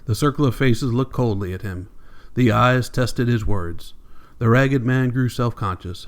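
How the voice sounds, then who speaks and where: A man narrating an audiobook with steady, measured storytelling. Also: mid-range voice, clean tone. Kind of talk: scripted narration.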